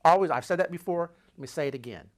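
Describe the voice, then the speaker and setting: A man telling a personal travel story, dramatic and full of repeated phrases, swinging between loud urgency and hushed, low asides. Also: fast talker.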